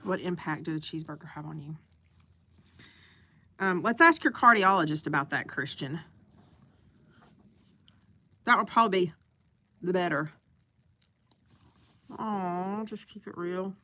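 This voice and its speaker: A woman's voice: fairly low pitch, lively intonation, unhurried, pauses often, bright, forceful tone. A woman hosting a live stream, chatting casually and eating as she talks.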